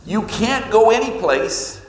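A man preaching a sermon, reading scripture and telling stories, with his pitch jumping up on points he wants to stress. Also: slow. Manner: animated storytelling, pitch leaps on emphasis. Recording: echoey hall with long reverb.

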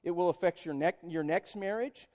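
Middle-aged pastor guy preaching, fairly high voice, cracks jokes and does little voices, kinda dull lo-fi sound. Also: moderate pace, a little mellow. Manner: playful, joking asides, acts out quoted voices. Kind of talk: sermon. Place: church sanctuary.

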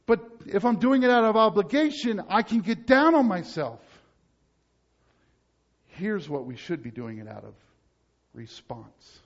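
A male pastor preaching a sermon emphatically, moving between loud urgent passages and low, quiet ones. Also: animated, unhurried, pauses often, dull audio.

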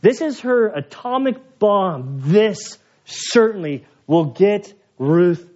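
High-voiced man preaching, dull recording. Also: animated, takes it slowly, warm tone. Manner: conversational, joking asides. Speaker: pastor. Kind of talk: expository sermon.

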